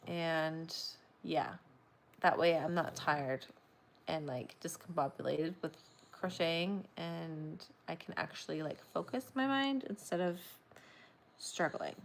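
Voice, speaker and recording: A woman's voice: low voice, slow pace, gravelly, a little hiss or hum. Sleepy woman chatting on a livestream. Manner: sleepy, rambling, reads viewer comments aloud. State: tired and yawning. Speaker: crochet livestream host. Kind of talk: casual livestream chat.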